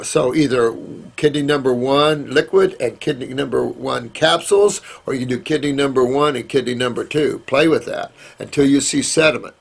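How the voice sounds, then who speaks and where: A middle-aged man answers viewer questions in a loose, rambling, folksy manner, calling people sweetheart. His voice is gravelly with a husky edge, at an ordinary pitch for a man. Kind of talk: casual live Q&A.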